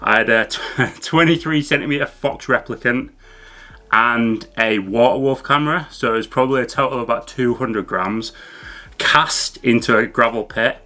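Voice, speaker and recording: A man hosting a fishing channel talks through his gear in a relaxed, chatty way, with plenty of fillers and restarts. His voice is bright and forward, and his pitch sits in the middle of the male range. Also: normal speed. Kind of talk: casual educational talk to camera.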